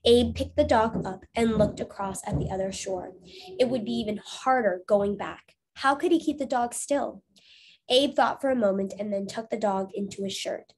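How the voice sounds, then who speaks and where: A woman's voice: a little high, moderate pace, darkish tone, slight background noise. A woman teacher reading a storybook aloud to young students, then asking encouraging discussion questions. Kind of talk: reading aloud to children, lesson.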